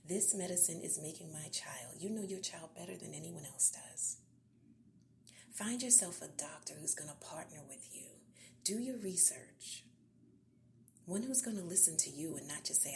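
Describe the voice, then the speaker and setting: A woman podcast host, giving an encouraging devotional talk in a soft, half-whispered, earnest voice. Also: on the low side, creaky, a little hiss or hum.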